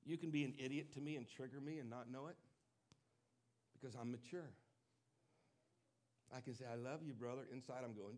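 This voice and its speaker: A man preaching a sermon, emphatic and confessional, swinging from loud declarations to hushed admissions. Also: mid-range voice, normal speed, long pauses.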